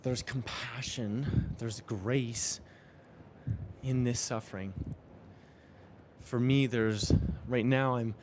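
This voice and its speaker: A man's voice: mid-range voice, fairly even intonation, takes it slowly, pauses often, slight background noise. A young man talking earnestly and reflectively while riding a bike outdoors in the rain, often repeating phrases to himself. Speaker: vlogger. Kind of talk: reflective spiritual vlog.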